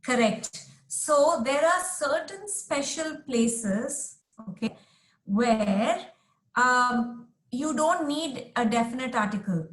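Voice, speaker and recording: Over a video call, a woman teaches an online English class, patiently modelling sentences for her students. Her high voice is expressive and slow, and the recording has a roomy, echoey sound.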